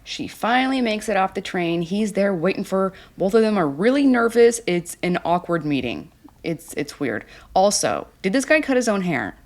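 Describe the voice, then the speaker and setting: Woman, snarky recap commentary, blunt, exasperated, lively pitch. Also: moderate pace.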